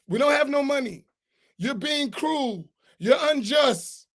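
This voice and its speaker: A man's voice: very high-pitched, animated, slow pace, fairly bright tone, full character voice. A man mocking whiny pleading mosque members. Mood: whining.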